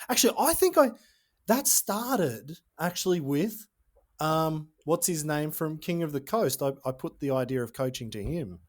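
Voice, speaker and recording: A man hosting a relaxed podcast conversation. He talks in a thoughtful, halting way, often stopping and restarting, and pokes fun at himself. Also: on the high side. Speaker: podcast host.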